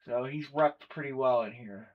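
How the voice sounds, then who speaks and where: The audio is dull as a man with a medium-pitched voice hosts a live collectibles breaking stream at a moderate pace. He chats casually while running through a list of players and teams.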